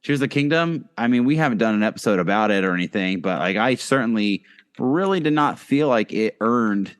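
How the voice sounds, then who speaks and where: A man's voice: lowish voice, animated, brisk, smooth. A man co-hosting a casual podcast, talking loosely with many fillers and restarts. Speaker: podcast co-host.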